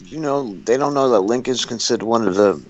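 A man co-hosting a news commentary show, indignant and halting, restarting his sentences. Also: medium pitch, a little mellow, lo-fi sound. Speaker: co-host. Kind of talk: casual commentary chat.

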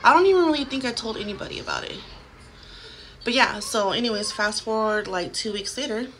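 A woman's voice: fairly high pitch, a little fast, noisy background. A woman in her thirties telling a haunting story to a phone camera at home, casual and chatty, full of "like" fillers. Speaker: vlogger.

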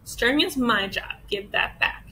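Woman doing a squeaky little squirrel. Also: lively intonation, a little slow, bright, forceful tone, a little hiss or hum, heavily acted. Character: small squeaky male squirrel.

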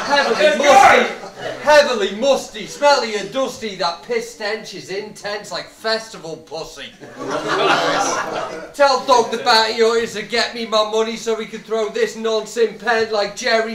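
A young man rapping cocky, insulting battle bars to a live crowd. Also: high-pitched. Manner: cocky, insulting, punchline delivery. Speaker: battle rapper. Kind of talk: rap battle verses delivered to a live crowd. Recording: echoey venue with loud crowd.

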